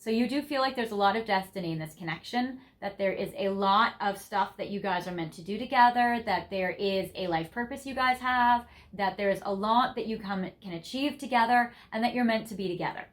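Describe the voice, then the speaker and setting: A woman's voice: mid-range voice, brisk, few pauses. A young woman giving a tarot reading to viewers, gushing and effusive, laughing often as she talks through the cards. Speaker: tarot reader.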